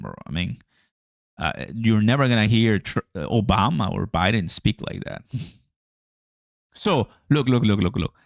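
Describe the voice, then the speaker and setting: A man's voice: lowish voice, creaky, dry recording, studio quality. A man hosting a crypto livestream, chatting casually to viewers in a slangy way and laughing often.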